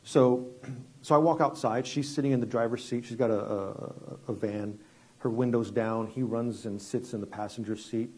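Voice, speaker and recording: Conversational guest pastor, mellow husky voice. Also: male voice, medium pitch, fairly even intonation, moderate pace. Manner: conversational, repeats words and restarts, drops quiet for dramatic story moments. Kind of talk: sermon with storytelling.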